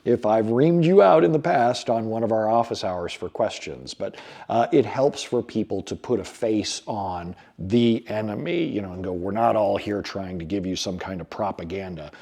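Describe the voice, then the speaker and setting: A man's voice: fairly low pitch, moderate pace, creaky, dark tone. A man hosting a casual question-and-answer show from his home bar, talking frankly with wry jokes. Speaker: host answering viewer questions. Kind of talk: casual chat.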